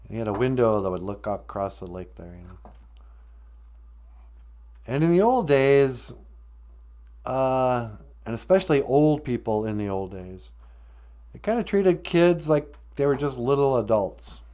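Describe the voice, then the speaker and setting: A man's voice: mid-range voice, animated, a little slow, pauses often, warm tone. A man hosting a livestream show, telling stories in a rambling, joking way and laughing often. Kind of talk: casual storytelling chat.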